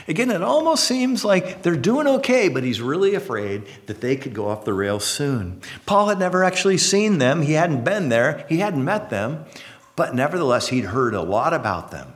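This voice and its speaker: A male pastor preaching a sermon in a folksy, animated way, acting out little voices as he explains. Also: medium pitch, normal speed.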